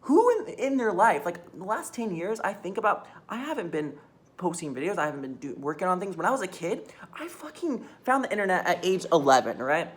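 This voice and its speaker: Low-voiced young woman confessing into her phone. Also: big pitch swings, brisk. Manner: rambling, restarts often, swears, nervous laughs. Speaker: vlogger. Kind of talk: candid personal confession. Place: mostly empty room. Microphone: phone camera.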